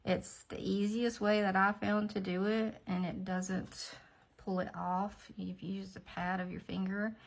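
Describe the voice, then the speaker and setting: A woman's voice: mid-range voice, level tone, a little slow, gravelly. A woman chatting casually through a nail tutorial, rambling with asides to herself. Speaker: nail art vlogger.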